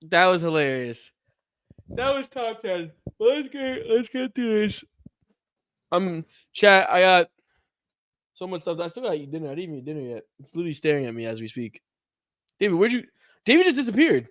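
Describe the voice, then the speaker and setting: A man's voice: high voice, very animated, normal speed, pauses often, fairly bright tone, no room sound. A young man co-hosting a casual sports podcast, laughing a lot and hyped. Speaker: podcast co-host. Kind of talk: casual chat.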